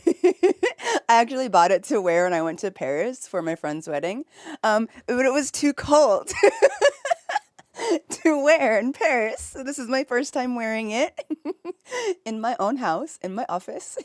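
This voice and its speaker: Chatting casually from her home office, a woman streamer greets her chat in a slightly high, sing-song voice at a somewhat slow pace. She's giggly and effusive, laughing often, and the recording is dry and studio quality.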